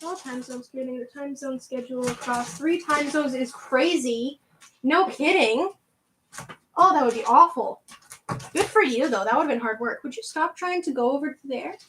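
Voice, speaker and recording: A woman's voice: high-pitched, moderate pace, noisy background. A young woman with a southwestern Ontario Canadian accent hosting a casual livestream. She is bubbly and chatty, laughs often, and answers her viewers' chat as she goes. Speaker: livestream host.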